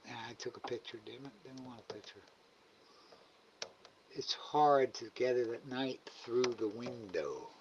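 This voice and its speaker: Man, live-stream host, coaxing sing-song voice, slow unhurried talk, dull lo-fi recording. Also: mid-range voice, noisy background. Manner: coaxes an animal in a raised sing-song voice, then mutters to himself. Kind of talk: casual live-stream commentary. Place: indoors at a window at night.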